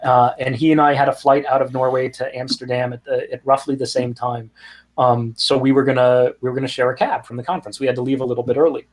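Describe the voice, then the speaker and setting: A man being interviewed as a guest, telling a story in a lively, casual way with frequent ums and restarts. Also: medium pitch, fast talker. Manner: animated anecdote teller, frequent ums and restarts. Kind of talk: conversational storytelling.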